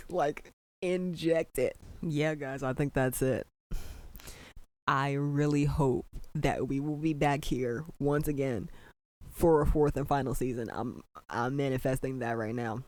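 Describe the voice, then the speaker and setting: Slow and a little mellow, this podcast host has a mid-range voice with fairly even intonation. Still, his casual show is an exasperated, repetitive rant, heavy on "bro" and "like."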